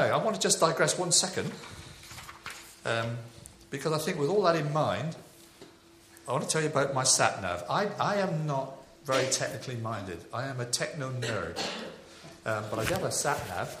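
A man from Devon, preaching a sermon in a chatty, anecdotal way with animated rises. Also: medium pitch, moderate pace, slight background noise. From England (Devon). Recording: echoey hall with faint ambience.

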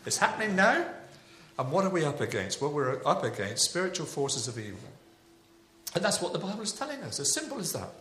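A man from Devon, preaching a sermon in a chatty, anecdotal way with animated rises. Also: a little high, a little fast, a little hiss or hum. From England (Devon). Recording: echoey hall with faint ambience.

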